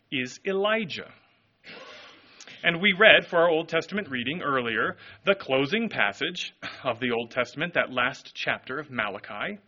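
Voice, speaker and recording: A man preaching a sermon, telling the story in an animated, expressive way. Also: a little high, dull audio. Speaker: pastor.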